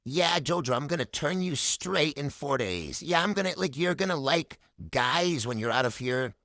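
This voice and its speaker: A woman putting on the voice of a boorish male reality-show contestant in a low, mumbled, mocking imitation. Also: lively intonation, normal speed, a bit bright, no echo.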